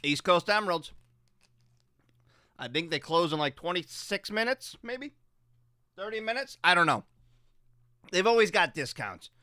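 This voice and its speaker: Radio guy rambling and cussing in the studio, bright voice all over the place, dry sound. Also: high voice, expressive, measured pace, pauses often, no echo. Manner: loose, profane, rambling and jokey. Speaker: radio show host. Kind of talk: casual chat on a morning radio show.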